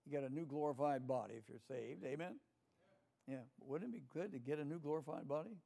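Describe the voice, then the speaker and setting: An older man with a Southern American accent leads a Sunday school Bible lesson in a church classroom. His voice sits a little high and sounds mellow and dark, and he talks in a folksy, chatty way, often asking the room for an amen. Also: brisk, gravelly.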